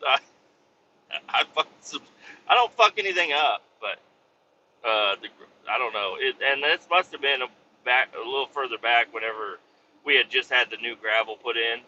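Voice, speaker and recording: A man's voice: mid-range voice, moderate pace, pauses often, pushed and bright. A man who drives a truck, ranting and telling stories in a casual driving vlog, swearing constantly. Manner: profane, heavy swearing, exasperated storytelling. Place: inside a moving truck cab. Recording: dull lo-fi recording with road noise.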